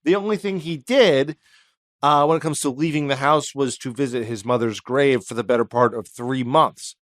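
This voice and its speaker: A man's voice: mid-range voice, normal speed, no room sound, clean studio sound. A man co-hosting a comedy history podcast, telling the story in a rambling, jokey way with asides. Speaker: podcast co-host.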